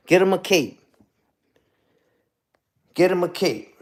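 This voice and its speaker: A man's voice: high voice, lively intonation, slow pace, long pauses. A man streaming live, ranting and taunting in a casual way and repeating "you heard?" over and over. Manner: taunting, repetitive, peppers lines with "you heard?".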